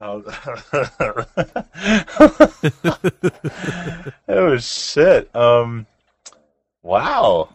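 A man's voice: mid-range voice, sing-song, extremely slow, long pauses, slightly rough. A young adult man co-hosting a casual podcast chat, crude and joking and laughing often. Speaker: podcast co-host.

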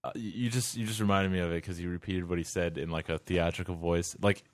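A man's voice: low voice, steady tone, fast, no room sound. A man co-hosting a podcast, rambling and joking with profane asides. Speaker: podcast co-host. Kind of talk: casual chat.

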